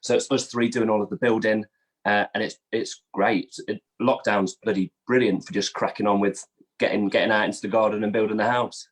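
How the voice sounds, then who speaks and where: A man's voice: fairly low pitch, little pitch movement, brisk. A man with an English accent chatting on a video call, slangy and laughing easily. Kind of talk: casual video-call chat.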